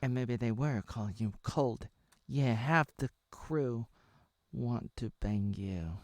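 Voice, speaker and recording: A man's voice: medium pitch, takes it slowly, no echo, studio quality. A man voicing a brash, flirty woman who teases another woman, in a slightly raised voice. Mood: teasing. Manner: teasing, boastful. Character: flirty brash woman named Brandy, teasing.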